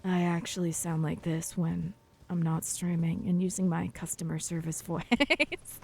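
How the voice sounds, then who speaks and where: A woman putting on a deep, half-whispered voice that could pass for a man's. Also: measured pace, creaky, breathy edge, heavily acted. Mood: deadpan. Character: deep-voiced female streamer passing as a man.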